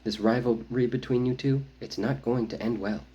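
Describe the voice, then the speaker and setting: A man voicing a worried, caring tribeswoman who speaks low and urgently, in a storybook reading. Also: fairly even intonation, normal speed, dark tone, dull audio, natural voice.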